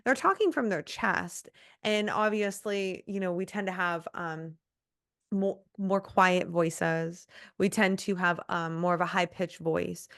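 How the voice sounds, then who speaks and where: Her pitch sits fairly low and her delivery is a little slow, with a touch of brightness. As a guest on a relaxed interview, the ex-cop and coach talks with blunt emphasis, occasionally dropping a curse word.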